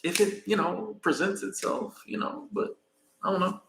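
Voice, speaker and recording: A man's voice: high-pitched, steady tone, normal speed, gravelly, a bit bright, slight background noise. A man in a casual, loose chat, answering viewers' comments as he talks and laughing often. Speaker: vlogger answering live chat. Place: echoey room. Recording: echoey room sound.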